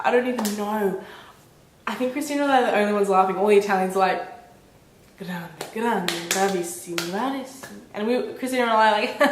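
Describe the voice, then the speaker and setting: A woman in her twenties chatting casually to her camera at home, telling a story with lively, bubbly energy. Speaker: vlogger. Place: indoors at home, a small room. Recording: echoey room with faint rumble.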